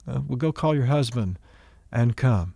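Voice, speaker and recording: Calm patient Jesus, a male preacher retelling him, warm low tone, dry sound. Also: a little slow, vocal fry, no echo. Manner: plain conversational retelling with everyday words.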